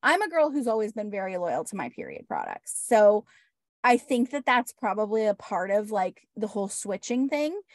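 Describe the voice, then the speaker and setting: A woman's voice: mid-range voice, wildly swooping pitch, normal speed, no echo. Emphatic podcast host woman, dry sound. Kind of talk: casual chat.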